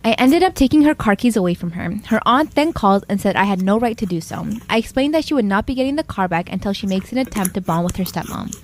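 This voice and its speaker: Lady reading forum posts out loud super quick, even and steady, faint hiss behind. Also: medium pitch. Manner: quick, steady read-aloud delivery.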